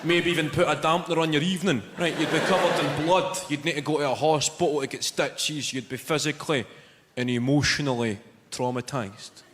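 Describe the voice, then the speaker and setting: A Scottish man with a Glaswegian accent performing a stand-up comedy routine, telling a story in a deadpan way with crude swearing. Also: on the high side, brisk, slight background noise. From Scotland. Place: large live venue. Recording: echoey hall with loud ambience. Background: audience laughter.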